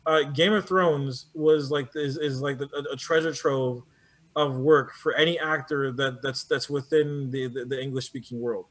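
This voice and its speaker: A man talking in a casual conversation as an animation producer, animated and often restarting his sentences. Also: mid-range voice, normal speed. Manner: animated, many restarts and repeated words.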